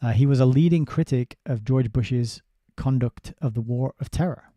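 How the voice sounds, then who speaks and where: Male book reviewer with a deep, warm, dark tone and a dry close sound. He is sardonic and halting. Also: dry recording. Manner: sardonic asides with halting restarts. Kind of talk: casual spoken book review, reading passages aloud.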